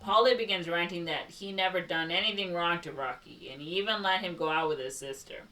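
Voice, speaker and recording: A woman's voice: fairly low pitch, brisk, sharp tone, recorded from a distance, low-quality recording. A woman with a Chicago accent co-hosting a podcast, reading a plot summary aloud and breaking off for sarcastic asides. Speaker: podcast co-host. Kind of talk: casual movie recap podcast.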